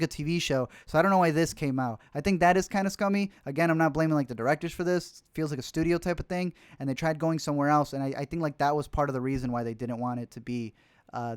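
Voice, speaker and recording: A man's voice: on the high side, smooth, no room sound, studio quality. A young man hosting a casual livestream, talking about films he missed, rambling with lots of fillers and restarts. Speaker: film reviewer, host.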